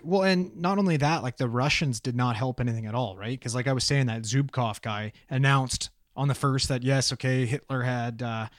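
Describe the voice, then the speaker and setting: A man talking in a casual podcast chat, blunt and emphatic, swearing often. His voice sits at an ordinary middle pitch. The sound is close and dry, with no room echo. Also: normal speed, hardly any pauses. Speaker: podcast co-host.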